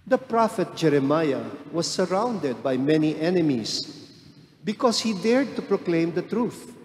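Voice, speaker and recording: Slow, deliberate Filipino man preaching. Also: fairly high pitch, darkish tone, reverberant, big-room sound, slight background noise. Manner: slow, deliberate, mixing English and Tagalog. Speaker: bishop preaching a homily. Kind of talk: sermon.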